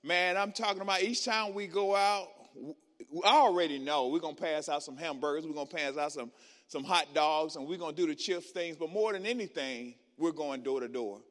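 Male guest preacher, high bright voice, call-and-response sermon, long church-hall reverb. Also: a little fast. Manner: colloquial Southern Black church speech. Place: church sanctuary.

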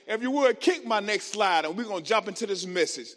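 Guest preacher, male: high, bright tone; rousing call-and-response delivery in a reverberant sanctuary. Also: animated, brisk, hardly any pauses. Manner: colloquial Southern Black church speech. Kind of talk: sermon. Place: church sanctuary. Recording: long church-hall reverb.

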